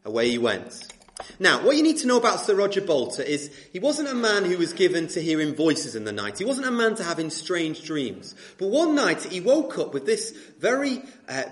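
A male preacher delivering a sermon through storytelling. His voice is somewhat high and swings widely in pitch as he tells the tale with animation. He makes an earnest appeal to his listeners.

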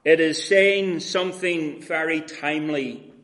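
A man preaching an expository sermon, addressing his listeners as friends, with frequent pauses and fillers. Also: a little high, fairly bright tone.

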